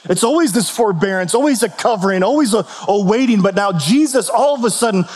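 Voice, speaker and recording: A man's voice: high-pitched, expressive, a little fast, darkish tone. A man preaching a sermon in a conversational way, often asking rhetorical questions and restarting his phrases. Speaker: pastor. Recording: long hall reverb.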